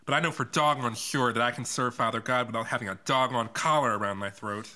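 A restless teenage boy from a churchgoing family, blunt and fed up with being told what to do, read by a man at a script table reading. The voice is bright and forward. It has the plain feel of a script read aloud. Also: medium pitch, fast talker. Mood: frustrated.

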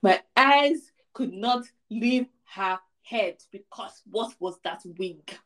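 A woman's voice: medium pitch, lively intonation, takes it slowly, a bit bright. Woman podcast co-host, emphatic and repetitive, casual movie review chat. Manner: emphatic, repeats herself for effect.

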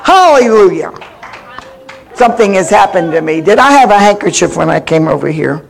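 A woman minister preaching in a prophetic style, fervent and bursting into shouted praise. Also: fairly low pitch, expressive, fast, vocal fry, poor audio. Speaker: guest minister.

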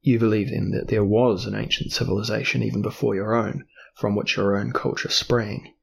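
A man's voice: on the low side, flat delivery, gravelly, slightly rough, full character voice. A man reading a cunning explorer duke. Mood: probing. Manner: deliberate, probing. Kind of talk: audiobook character reading.

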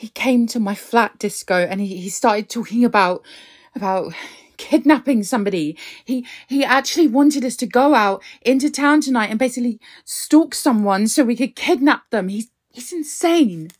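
A young woman playing a nervous young woman in danger, hesitant and soft-spoken. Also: on the high side, normal speed, lightly acted. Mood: panicked. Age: young adult. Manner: hesitant and soft, breaking into panic.

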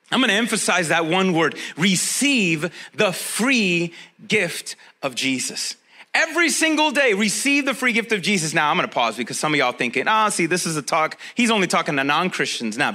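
Bright, high-voiced man preaching a sermon. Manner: conversational preaching, addresses listeners directly, emphatic repetition. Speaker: pastor.

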